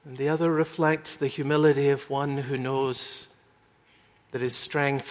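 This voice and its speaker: A man's voice: on the high side, steady tone, normal speed, long reverb tail, soft background music. A middle-aged man preaching an earnest, emphatic radio sermon as pastor.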